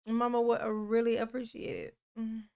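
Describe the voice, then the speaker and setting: A woman's voice: a little high, monotone, a little fast, darkish tone, clean tone. A woman hosting a livestream, giving sassy, playful, teasing commentary in a casual chat. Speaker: livestream host.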